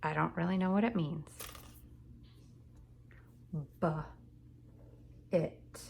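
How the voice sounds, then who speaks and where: A woman's voice: on the low side, measured pace, gravelly. A middle-aged woman teaching kindergarten from home, talking to young children in an encouraging sing-song way. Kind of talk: remote class lesson. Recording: echoey room with noise.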